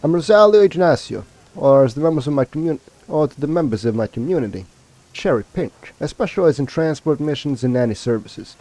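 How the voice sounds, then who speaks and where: A man voicing a small, fierce and prickly female orc from a video game, reading her lines aloud in a raised voice. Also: dark tone. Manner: read aloud from on-screen dialogue, raised pitch.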